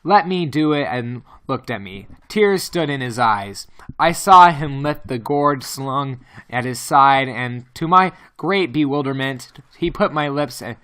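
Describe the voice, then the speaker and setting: A man's voice: mid-range voice, measured pace, bright, forceful tone, clean tone. A man reading a novel aloud as an amateur audiobook, stumbling often and correcting himself. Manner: reads with frequent stumbles and self-corrections.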